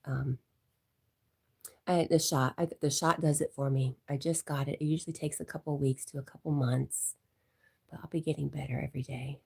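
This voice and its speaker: A congested woman hosting a casual livestream, chatting and reading viewer comments aloud, often dropping to a soft whisper. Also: deep voice, fairly even intonation, normal speed, vocal fry, husky. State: congested from allergies. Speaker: livestream host.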